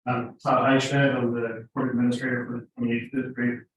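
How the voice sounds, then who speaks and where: Court administrator, male, flat delivery, recorded from across an echoey room. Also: medium pitch, a little fast, far from the mic. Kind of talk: round-table introduction.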